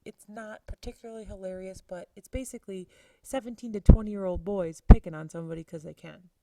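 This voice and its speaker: A woman's voice: mid-range voice, steady tone, fairly quick, recorded from a distance, very noisy. A woman teacher casually retelling a play scene, chatty with exclaimed asides to her students. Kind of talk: casual lesson summarizing a play.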